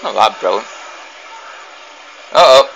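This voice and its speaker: A young man commentates a video game playthrough, reacting loudly to every hit. His voice leaps up and down with excitement and the odd mild curse. His talk is quick and unscripted. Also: on the low side, gravelly, low-quality recording. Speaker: gaming commentator. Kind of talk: let's play commentary.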